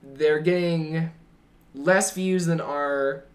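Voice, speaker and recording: A man's voice: fairly high pitch, fairly even intonation, extremely slow. A young man co-hosting a casual podcast, chatting with a friend. He teases easily and rattles off tech facts and names one after another. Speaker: podcast co-host. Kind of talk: casual chat.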